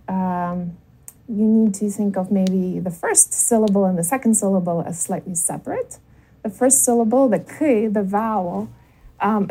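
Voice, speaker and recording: A woman giving pronunciation instruction in a measured, explanatory way, with frequent ums. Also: medium pitch, dark tone, breathy edge, poor audio. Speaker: pronunciation guide.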